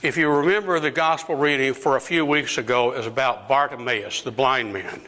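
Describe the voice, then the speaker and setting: An older man, a deacon, speaking to a parish lunch group and acting out quoted voices that rise to near-shouts. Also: medium pitch, moderate pace, in a large hall. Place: parish hall.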